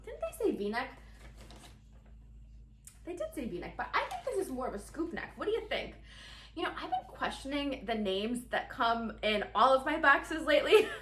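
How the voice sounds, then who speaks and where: A woman's voice: high voice, very animated, normal speed, a bit bright, echoey room, distant mic. A woman chatting casually and giggling through a try-on haul, talking straight to her viewers. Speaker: fashion vlogger.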